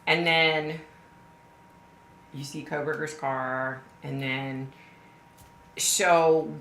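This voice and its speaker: A woman with a low, bright-edged voice hosts a casual live stream and talks straight to her viewers. She sounds chatty and emphatic. The room around her is echoey. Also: a little hiss or hum. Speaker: livestream host.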